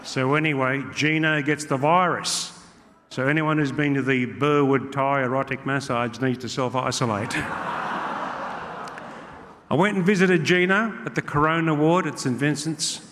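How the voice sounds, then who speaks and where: A man's voice: medium pitch, steady tone, moderate pace, fairly bright tone. A man with an Australian accent doing brash, punchy stand-up comedy and working a live crowd in a large club hall. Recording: live hall with long reverb, faint crowd noise.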